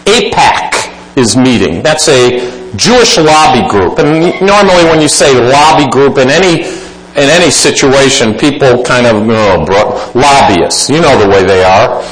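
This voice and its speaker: A man preaching a sermon emphatically, swinging between loud exclaiming and quiet asides. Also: medium pitch, expressive, unhurried, reverberant, low-quality recording.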